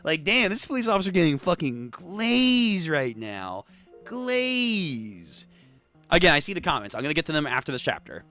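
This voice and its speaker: A young adult man hosting a manga read-through, reacting excitedly, swearing and laughing often. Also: on the high side, normal speed, faint music behind.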